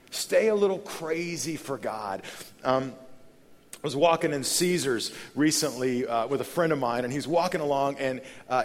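Candid pastor in a reverberant hall. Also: male voice, mid-range voice. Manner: candid, conversational, swings from hushed to loud and animated. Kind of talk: conference sermon.

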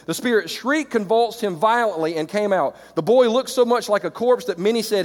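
A middle-aged man preaching to church leaders, animated, swinging between loud exclamations and quiet reflective stretches. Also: high-pitched, normal speed, few pauses. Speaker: pastor. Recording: reverberant hall.

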